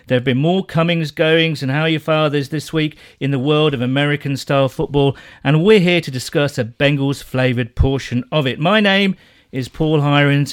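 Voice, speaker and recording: A man's voice: on the high side, dry recording, studio quality. A man hosting a casual podcast from a home sewing room, with playful, jokey introductions. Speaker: podcast host.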